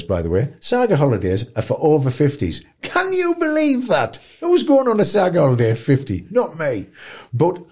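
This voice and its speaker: A man's voice: medium pitch, dark tone, breathy edge. A man, a podcast guest telling blunt, chatty stories in a colloquial way. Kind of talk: animated storytelling in an interview.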